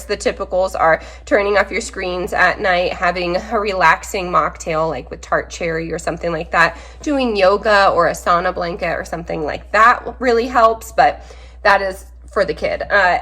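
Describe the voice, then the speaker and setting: A woman's voice: medium pitch, fairly bright tone, husky. A woman in her thirties, a mother chatting casually through a grocery haul, talkative and practical with rambling asides, a little sick. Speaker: mother vlogger.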